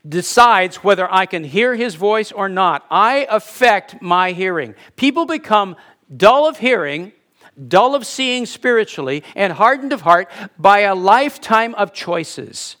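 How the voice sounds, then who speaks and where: High-voiced man preaching conversationally. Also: very animated, sharp tone. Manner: conversational preaching, rhetorical questions, emphatic pauses. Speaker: pastor. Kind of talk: sermon.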